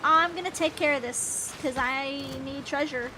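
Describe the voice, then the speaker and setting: A young woman casually commentating her gameplay, excitable and rambling, with frequent giggles and sudden yelps. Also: sits high, unhurried, noisy background. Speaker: gaming channel host. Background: game music.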